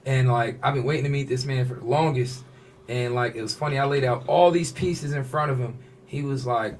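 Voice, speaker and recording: A man's voice: mid-range voice, brisk, slight background noise. Man telling a story in casual slang. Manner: animated storyteller, slips into quoted voices, casual slang. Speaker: fashion designer, podcast guest.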